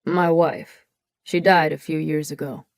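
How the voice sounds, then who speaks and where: A woman narrating an audiobook, voicing a gruff, kindly older male biker with a smoker's voice who speaks slowly and laconically. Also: deep voice, fairly even intonation, no echo, pitched below the performer's own voice. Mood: quiet. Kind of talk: audiobook character voice.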